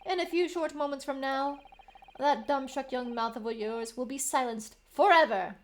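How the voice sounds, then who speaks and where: A woman's voice: high voice, moderate pace, a little hiss or hum, pitched above the performer's own voice, close to an everyday voice. A woman doing a smug menacing prosecutor. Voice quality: theatrical, menacing.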